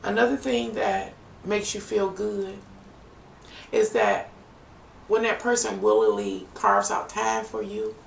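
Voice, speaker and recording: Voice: medium pitch, lively intonation, slow, creaky. A tarot reader giving a chatty, playful live-stream reading, with teasing asides to viewers. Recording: echoey room, distant from mic, faint noise.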